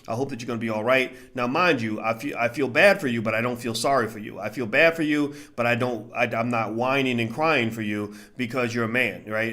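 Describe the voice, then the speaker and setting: A man talking casually to a live chat in commentary, repeating phrases and using lots of fillers. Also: mid-range voice. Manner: grows more animated and louder as he goes. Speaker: livestream commentator.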